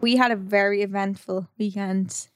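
A woman's voice: medium pitch, fairly even intonation, normal speed, no room sound, studio quality. A young Irish woman co-hosting a podcast, talking in a chatty, enthusiastic way and laughing often. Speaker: podcast co-host. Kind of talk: casual chat.

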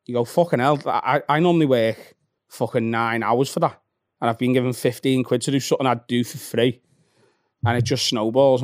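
A man's voice: mid-range voice, dry recording, clean studio sound. A man in his thirties with a Liverpool accent, a stand-up comedian chatting casually as a podcast guest and telling stories with lots of swearing. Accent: Liverpool (Scouse). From Liverpool, England. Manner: fast, sweary, animated storytelling. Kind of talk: casual chat.

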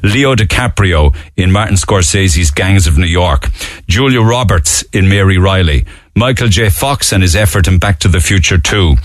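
A man's voice: deep voice, lively intonation, moderate pace, no room sound. A man with a Cork accent hosting a radio show in casual, chatty, mocking talk. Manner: chatty, mocking, laughs easily.

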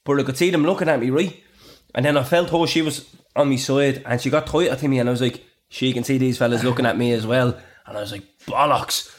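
A Dublin man hosting a podcast, telling anecdotes in a relaxed way and swearing casually. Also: medium pitch. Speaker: podcast host. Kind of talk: casual chat.

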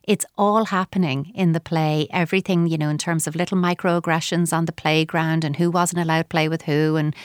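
A woman's voice: low voice, a little fast, few pauses, smooth, no echo, clean studio sound. A woman, a child psychotherapist, giving parenting advice on a radio show and acting out children's replies. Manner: animated, acts out children's replies.

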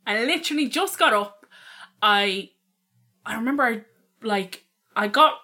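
A woman's voice: fairly high pitch, animated, unhurried, pushed and bright. A young Irish woman in her twenties co-hosting a podcast, telling a candid story in casual chat, swearing freely and laughing often. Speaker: podcast co-host.

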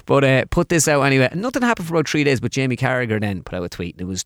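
A young Irish man, a comedian and impressionist, telling quick, animated stories as a guest in a radio studio interview. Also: mid-range voice, no room sound. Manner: rapid, animated anecdotes with laughter. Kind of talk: casual radio interview storytelling.

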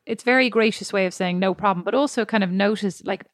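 A woman's voice: mid-range voice, fast talker, dry recording, studio quality. A woman co-hosting a podcast in casual chat, often acting out remarks people made. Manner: chatty, acts out quoted remarks. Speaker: podcast co-host.

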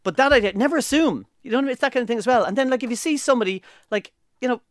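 A middle-aged Irish man co-hosting a podcast in casual chat, rambling and animated. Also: very high-pitched, dry recording, clean studio sound. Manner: animated, rambling, quick-talking. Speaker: podcast co-host.

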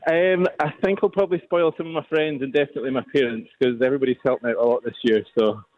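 A man's voice: medium pitch, rapid-fire. A man calling in from the gym, out of breath and laughing giddily as he talks. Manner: giggly, breathless excitement. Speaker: radio competition caller. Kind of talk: phone call. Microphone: phone. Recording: muffled phone line.

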